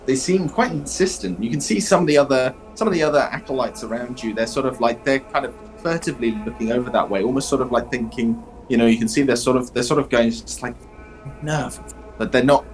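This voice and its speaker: Rambling game master. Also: male voice, mid-range voice, quick pace, hardly any pauses, soft background music, rough recording. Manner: rambling, many fillers and restarts. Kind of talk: narrating a tabletop game.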